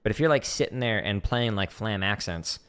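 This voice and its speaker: A man with a fairly low, clear, resonant voice that's expressive and fairly bright speaks at normal speed. He's teaching drum rudiments on a livestream from his home practice room, counting patterns aloud into a desk mic, chatty and loose with lots of "like."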